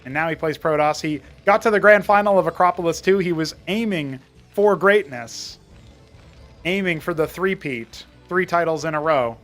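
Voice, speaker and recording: Chatty, fairly high-voiced male game caster. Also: normal speed, a bit bright, faint music behind. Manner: chatty play-by-play that wanders into trivia. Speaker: esports caster and show host. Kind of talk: live game commentary.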